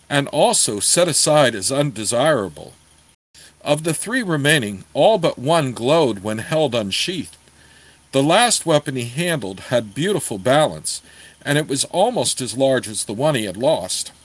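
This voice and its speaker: A man reading a fantasy novel aloud in a steady storytelling manner. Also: medium pitch, no room sound, poor audio. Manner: steady storytelling, apologizes for page turns. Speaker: audiobook reader.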